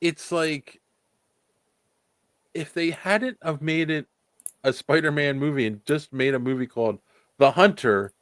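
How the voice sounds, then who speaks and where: A man co-hosting a podcast, reviewing a movie in casual chat, rambling and animated with many restarts. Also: a little high, a little slow, long pauses, no echo. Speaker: podcast co-host.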